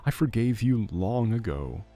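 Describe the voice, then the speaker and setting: A man voicing a sick young mother with a hoarse voice, speaking tearfully and in despair. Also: fairly low pitch, expressive, a little slow, mellow, pitched above the performer's own voice.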